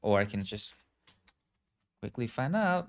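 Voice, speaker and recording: Lively, clear-voiced male English teacher. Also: mid-range voice, a little slow. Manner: explains words, asks viewers to repeat; frequent "okay" and "right" checks. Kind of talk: live online English lesson.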